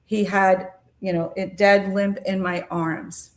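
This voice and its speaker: A middle-aged woman speaks slowly and reflectively, sharing a personal spiritual experience on her podcast. Her voice sits at a middle pitch, and she often pauses with soft ums and uhs as she gathers her words. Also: little pitch movement. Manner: unhurried, with frequent ums and uhs.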